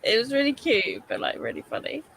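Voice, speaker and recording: A woman's voice: a little high, huge pitch swings, brisk, creaky, fairly bright tone, slight background noise, rough recording. Young woman, casual livestream chat, chatty, laughs often. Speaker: host of a reading sprint livestream.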